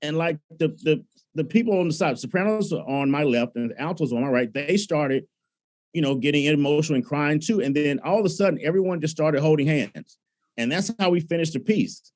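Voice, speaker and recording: A man from Alabama, a choral conductor telling stories in a lively, conversational way. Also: a little high, brisk. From Alabama, USA. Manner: animated storyteller, acts out his own past thoughts. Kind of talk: conversational storytelling.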